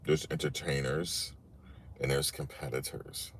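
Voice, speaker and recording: A man with a very low voice riffs through a casual sports reaction, slangy and emphatic. He keeps circling back to repeat his points, and a faint hiss of noise sits under his voice. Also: steady tone, unhurried. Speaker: sports commentary channel host.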